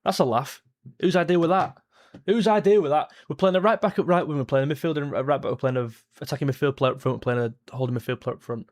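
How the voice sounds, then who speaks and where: A young man, reacting live to a football match, blunt and frustrated, jumping to excited shouts at chances. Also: medium pitch, rapid-fire, few pauses. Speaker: football fan streamer. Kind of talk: live match watchalong commentary.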